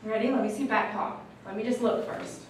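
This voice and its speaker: A woman dog groomer who coaxes a dog softly and chats with viewers as she works. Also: a little high, steady tone, a little fast, far from the mic, slight background noise. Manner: soothing, coaxing talk to a dog, chatty asides to viewers. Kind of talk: livestreamed grooming with running commentary. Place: grooming room. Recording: echoey room, voice a bit off-mic.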